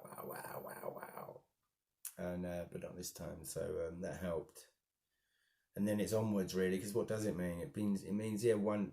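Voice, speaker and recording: Deep-voiced man musing aloud. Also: mellow. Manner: rambling and halting, with frequent restarts. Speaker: daily vlogger. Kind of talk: casual self-reflective monologue.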